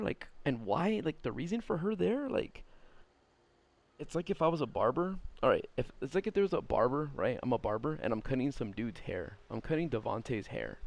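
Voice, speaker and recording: A man's voice: medium pitch, darkish tone. A man on a live stream reading a story aloud and ranting about it, rambling and swearing, often laughing at what he reads. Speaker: streamer reading viewer stories. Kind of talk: casual live-stream commentary.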